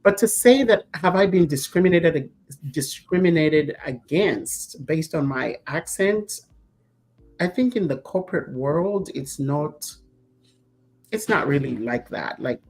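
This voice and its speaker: A woman's voice: low-pitched, a little slow. A woman from Zambia, co-hosting a talk show in casual chat, telling stories and laughing often. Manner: laughing often, relaxed storytelling.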